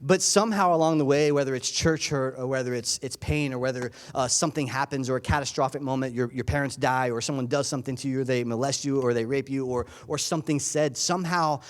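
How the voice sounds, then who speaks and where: A man delivers a sermon in a loose, talkative style, slipping into playful voices for the people in his story. His voice sits in an ordinary middle range. Sometimes he jumps louder and higher, then falls back soft. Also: fast, hardly any pauses. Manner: animated, conversational, acts out characters with bursts of loudness. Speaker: pastor. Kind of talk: sermon and on-stage interview. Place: church stage.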